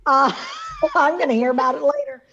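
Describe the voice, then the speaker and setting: A woman's voice: high-pitched, wildly swooping pitch, moderate pace, a bit bright, muffled recording. A middle-aged woman co-hosting a casual chat show, talking chattily with frequent laughs and restarts. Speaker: podcast co-host.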